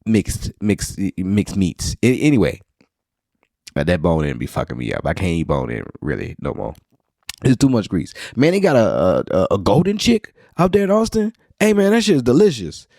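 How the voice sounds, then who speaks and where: Lively low-voiced man rambling. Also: normal speed, no room sound, studio quality. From New Orleans, Louisiana. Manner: rambling, profane and wry. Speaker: podcast host. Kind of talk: casual solo podcast monologue.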